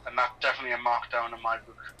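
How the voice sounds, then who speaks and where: A man's voice: medium pitch, monotone, rapid-fire, pushed and bright, distant mic, highs cut off. A man with a Northeast English accent, co-hosting a casual film commentary podcast and rambling with lots of fillers and firm opinions. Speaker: podcast co-host.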